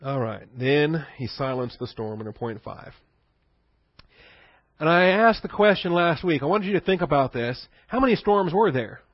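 A man's voice: fairly high pitch, lively intonation, normal speed, no room sound, dull audio. A male pastor preaching a sermon in a conversational teaching manner, asking rhetorical questions and chuckling.

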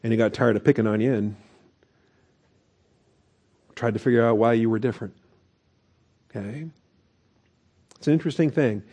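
A man's voice: mid-range voice, mellow. A man preaching a conversational sermon as pastor, with asides and chuckles.

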